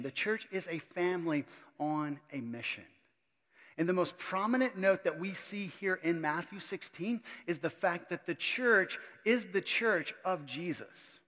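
A man's voice: fairly high pitch, fairly bright tone. Man preaching in a reverberant hall. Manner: conversational, emphatic preaching with repetitions. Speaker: pastor. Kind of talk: sermon.

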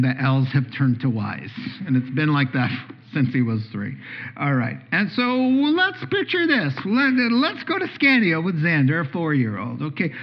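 Older guy preaching, high-ish voice, acts out the stories, muffled sound. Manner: animated storytelling with voices. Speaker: pastor. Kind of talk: sermon. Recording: dull lo-fi sound.

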